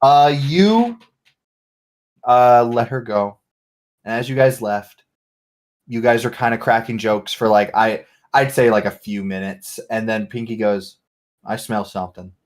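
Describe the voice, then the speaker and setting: Laughing male game master narrating. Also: medium pitch. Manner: laughing, swearing, acting out characters in quick quotes.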